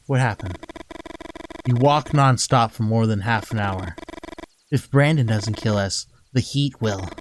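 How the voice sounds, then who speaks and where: A man's voice: on the low side, noisy background. A man playing a story game, reading its text aloud and breaking in with profane, mocking commentary. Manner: profane, swears often and mocks the characters. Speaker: let's play gamer.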